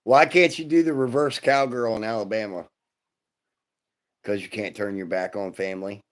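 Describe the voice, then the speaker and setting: A man's voice: on the low side, fairly even intonation, normal speed. A man hosting a casual live stream, telling crude jokes and greeting people in the chat.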